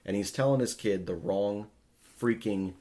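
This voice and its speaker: A man's voice: lowish voice, unhurried, dark tone. A man hosting a podcast, ranting in a profane, exasperated way in casual talk. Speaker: podcast host.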